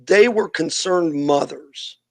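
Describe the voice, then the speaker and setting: A man's voice: fairly high pitch, slow, vocal fry, a little mellow, no room sound. A middle-aged man, a youth minister and podcast guest, telling a long story in casual interview talk and acting out the people he quotes.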